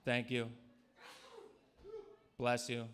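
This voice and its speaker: A man's voice: medium pitch, completely flat delivery, very slow, a bit bright. A man doing a crude, provocative stand-up set in a comedy club. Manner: crude, provocative, jumps into mocking voices.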